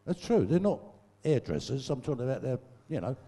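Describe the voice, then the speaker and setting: Brisk and sing-song, this older man's mid-range voice has a warm tone. As a guest storyteller at a big live show, he rattles off crude, cussing comic anecdotes on a stage microphone and laughs at his own humor, with the hall echoing around him.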